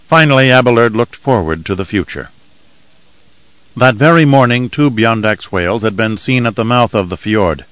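Guy reading an audiobook, low pitch, steady measured delivery, dry close sound. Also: dry recording, poor audio. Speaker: audiobook narrator. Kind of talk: scripted audiobook narration.

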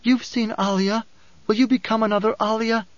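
A man's voice: high voice, slow pace, no echo, voice pushed up. Guy reading a young possessed girl, pleading, strained voice, kinda muffled dry audiobook sound. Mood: urgent. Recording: dull, dry recording.

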